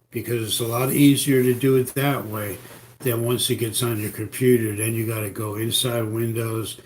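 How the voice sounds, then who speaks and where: A man with a New York accent and a deep voice, giving rambling, repetitive computer security tips on a live stream. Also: a little hiss or hum. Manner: rambling, repetitive, folksy advice. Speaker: computer repair host. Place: home in Florida.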